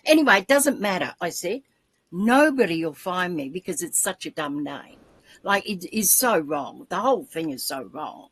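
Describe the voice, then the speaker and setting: A woman in her seventies telling a personal story in a lively, animated way, acting out quoted voices. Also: moderate pace, breathy edge, no echo. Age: 70s. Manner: animated storyteller, acts out voices with big pitch jumps. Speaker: guest, podcaster. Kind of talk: casual storytelling on a video call show.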